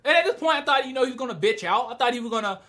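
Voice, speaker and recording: A young woman giving a casual, slangy video review, animated and quick to break into shouts as she retells scenes. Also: fairly high pitch. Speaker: manga reviewer.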